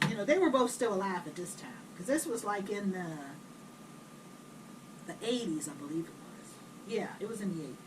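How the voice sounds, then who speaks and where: A middle-aged woman telling blunt, animated family stories while she cooks at home. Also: mid-range voice, fairly quick. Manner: blunt, chatty, animated retelling. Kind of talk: casual storytelling while cooking. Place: home kitchen. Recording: distant camera mic, noisy kitchen.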